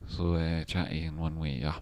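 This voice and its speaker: A man's voice: very deep voice, little pitch movement, moderate pace, a little mellow, no room sound. A man hosting a casual live stream, rambling and thinking aloud about stock charts, with the odd swear word. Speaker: trader and channel host.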